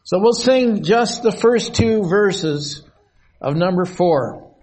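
Older man, preacher, high voice, unhurried delivery, pausing often, sermon at a podium. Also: lively intonation, darkish tone. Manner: slow, measured, with long pauses. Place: meeting hall, at a podium.

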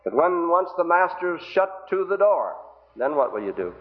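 Earnest preacher on a tinny recording. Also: male voice, a little high, sing-song, normal speed. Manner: earnest pleading, rhetorical questions. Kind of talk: evangelistic sermon. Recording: tinny phone-like old recording.

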